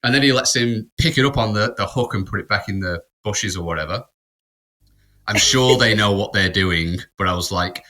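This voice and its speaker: A man's voice: low voice, normal speed, bright, forceful tone. A man, co-hosting a podcast and telling a rambling anecdote in casual chat, with restarts and laughter. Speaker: podcast co-host. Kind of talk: casual storytelling.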